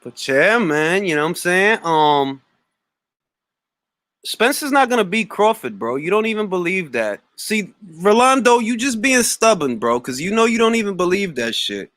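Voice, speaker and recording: New guy ranting on a stream, voice jumps all over, bright and dry. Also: high-pitched, normal speed, no room sound. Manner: animated, profane, jumps between topics. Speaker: boxing talk show host. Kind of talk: casual livestream chat.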